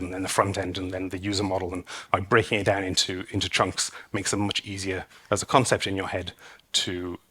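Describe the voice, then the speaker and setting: A man with a fairly low, husky voice gives a conference talk. He rambles a little, pausing on fillers and restarting his sentences as he explains. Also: a bit bright. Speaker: conference speaker. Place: conference stage.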